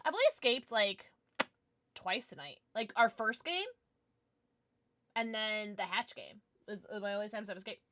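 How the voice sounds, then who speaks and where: A young woman streams a game from home, chatting casually with viewers in a bubbly, playful, slightly tipsy way and greeting new followers with little gasps and squeals. She is animated, with a medium pitch, a moderate pace, and long pauses. The recording is dry.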